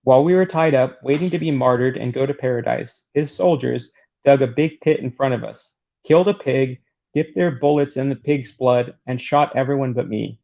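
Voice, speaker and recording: A man's voice: medium pitch, normal speed, creaky, dark tone, close to an everyday voice. A man reading the lines of a frightened male fighter fleeing in panic, in a near plain voice. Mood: distraught. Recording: dull lo-fi recording.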